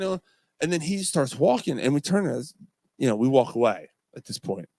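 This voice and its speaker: A middle-aged man telling a story over a dry, close mic, with a mid-range voice. He is animated and swears freely, in the loose rhythm of casual chat between friends. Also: medium pitch, moderate pace, vocal fry, no room sound. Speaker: podcast co-host.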